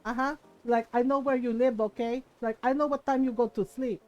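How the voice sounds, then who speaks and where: A woman imitating her mother, a calm, deadpan Filipino mother with a Filipino accent and clipped broken grammar. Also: a little high, brisk, lo-fi sound, faint music behind, close to an everyday voice. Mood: deadpan threatening.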